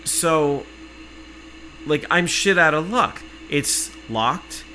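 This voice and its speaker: A man telling an exasperated, profane story in casual podcast chat, cursing freely and working himself up to shouting. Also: a little high, expressive, extremely slow, slight background noise, low-quality recording.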